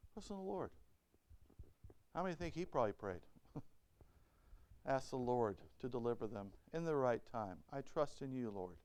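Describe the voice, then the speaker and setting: Lively, high-voiced preaching pastor. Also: male voice. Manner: asks the congregation rhetorical questions; reads Bible verses aloud and explains them. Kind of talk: sermon. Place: church.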